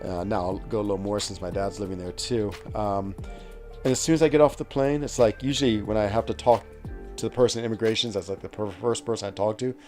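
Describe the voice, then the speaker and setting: A man's voice: lowish voice, fairly even intonation, fast, a little mellow, faint music behind. A man from West Virginia, hosting a game livestream, telling stories in a rambling, chatty way with many fillers and laughs while reading out chat. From West Virginia, United States. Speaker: game streamer.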